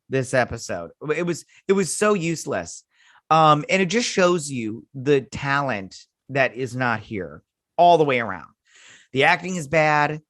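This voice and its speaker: Man host, casual sarcastic TV review rant, lively swinging pitch, dry sound. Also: no echo. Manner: sarcastic ranting, swearing.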